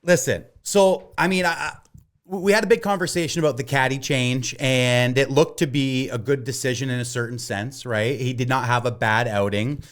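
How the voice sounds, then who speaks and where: A man's voice: mid-range voice, fairly even intonation, moderate pace. A man co-hosting a podcast with his brother, chatting casually and hesitantly, with frequent restarts and fillers. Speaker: podcast co-host, golf betting. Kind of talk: casual chat.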